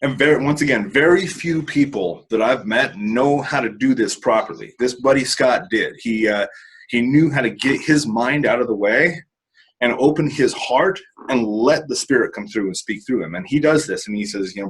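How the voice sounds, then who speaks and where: A man with a husky, slightly rough voice speaks at an ordinary pitch. He is an interview guest recounting a personal story in a loose, candid way, circling back with restarts and the odd swear word. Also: lively intonation, normal speed, low-quality recording. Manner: rambling with frequent restarts and casual swearing.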